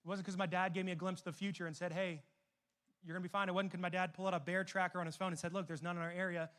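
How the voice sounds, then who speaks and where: A young man preaching a sermon as a youth pastor, telling stories and moving between emphatic and hushed delivery. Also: high voice, little pitch movement, very fast. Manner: storytelling, shifts between loud emphatic and soft hushed.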